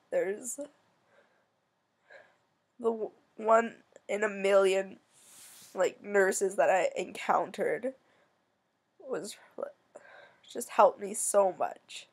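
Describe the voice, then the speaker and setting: A young woman from Canada shares her own story in a quiet, halting voice. She pauses often and sounds close to tears. Her pitch sits in the middle. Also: slightly rough. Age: young adult. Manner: soft, halting, emotional, many pauses. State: tearful. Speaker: vlogger. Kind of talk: personal storytelling.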